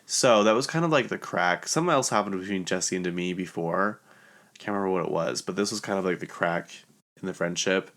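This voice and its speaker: A man with a very deep voice talks through a reality show in a loose, chatty gossip recap. Strong vocal fry runs through his sentences, and he keeps looping back with "like" as he rambles from one point to the next. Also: brisk, fairly bright tone. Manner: chatty, rambling, heavy use of "like" fillers. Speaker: podcast host.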